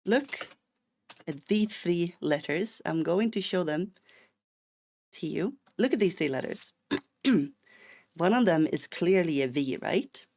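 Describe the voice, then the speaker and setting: Playful Swedish man with a gravelly voice. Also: on the high side, animated, measured pace, long pauses, a little mellow. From Sweden. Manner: playful, rambling, mock-indignant outbursts. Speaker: streamer. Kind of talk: casual chat while gaming.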